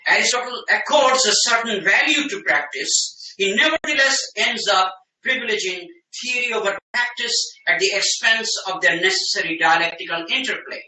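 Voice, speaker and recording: A man's voice: sits high, bright, forceful tone. A man giving an academic lecture as a professor. He speaks emphatically, in dense scholarly phrasing with frequent restarts. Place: lecture room. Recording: roomy, distant mic in a lecture room.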